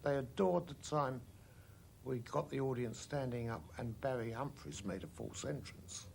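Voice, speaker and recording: Gravelly man recalling fondly. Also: medium pitch, normal speed, a little hiss or hum. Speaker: interviewee. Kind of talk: anecdote.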